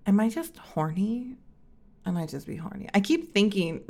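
A young woman chatting casually and rambling on her own, sounding tired and sleepy, with heavy vocal fry and many fillers. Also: medium pitch, sing-song, a little slow, long pauses, a little mellow. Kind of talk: casual solo chat.

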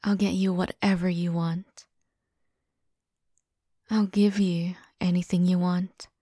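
Whispered role-play, girl doing a clingy obsessive lover, slow soft mellow voice. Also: on the low side, flat delivery, no echo, clean studio sound. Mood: devoted. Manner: soft, intimate, half-whispered. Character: obsessive devoted young woman lover.

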